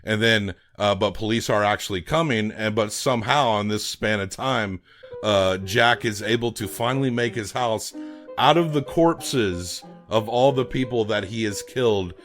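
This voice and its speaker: A man's voice: fairly low pitch, normal speed, fairly bright tone, soft background music. A man co-hosting a film podcast, recapping a movie in casual chat, rambling with frequent restarts and casual swearing.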